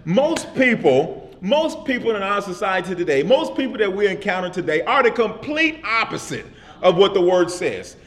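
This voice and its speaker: High-voiced preacher man, "amen?" asides. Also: sing-song, normal speed, a bit bright. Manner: repetitive call-and-response preaching with frequent "amen?"; casual vernacular speech. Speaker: pastor. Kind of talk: sermon.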